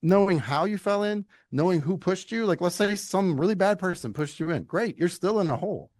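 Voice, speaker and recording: A middle-aged man from Louisiana, a leadership coach talking as a podcast guest in an animated, emphatic, folksy storytelling way. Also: high voice, a little fast, no echo. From Louisiana, United States. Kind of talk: conversational interview.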